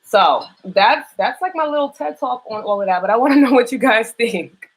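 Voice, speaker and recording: Young new york woman chatting live, loud swoops up and down, blunt and swears a lot. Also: moderate pace, rough recording. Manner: animated, frank and profane, big swoops up in pitch. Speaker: podcast host. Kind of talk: casual live-stream chat.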